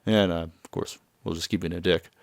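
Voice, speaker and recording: A man's voice: low-pitched, steady tone, fairly quick, dry recording. A young man casually recapping a video game, chatty and laughing, loosely acting out the characters' lines.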